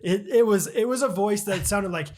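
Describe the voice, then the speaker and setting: A man co-hosting a podcast, chatting casually and laughing as he retells stories with quick impressions. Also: high voice. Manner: animated, laughing storyteller doing quick impressions. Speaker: podcast co-host. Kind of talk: casual chat.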